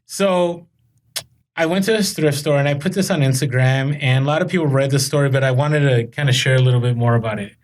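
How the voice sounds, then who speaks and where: A podcast co-host tells rambling stories in casual conversation, full of fillers and restarts. He talks fairly quickly in a mid-range voice.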